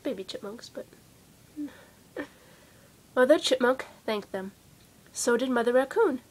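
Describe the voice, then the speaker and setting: Lady reading a kids storybook, breathy voice, bouncy and lively, chats about the pics. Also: sits high, slow pace. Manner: soft, chatty asides about the pictures. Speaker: storybook reader. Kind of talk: reading a picture book aloud.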